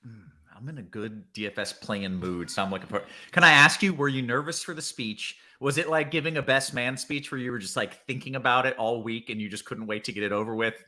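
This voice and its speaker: A man hosting a fantasy sports stream, upbeat and energetic in his show opener. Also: medium pitch, fairly quick, few pauses. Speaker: show host. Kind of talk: sports betting stream talk.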